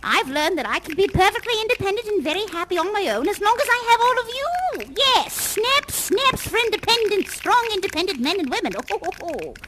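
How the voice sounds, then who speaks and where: A woman's voice: very high-pitched, sing-song, brisk, hardly any pauses, noisy background. A woman acting a fussy, theatrical female party hostess who leads a tour with chatty, gushing exclamations over a headset microphone. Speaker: live actor guiding a tour in a virtual reality theater show. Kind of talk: improvised live role-play.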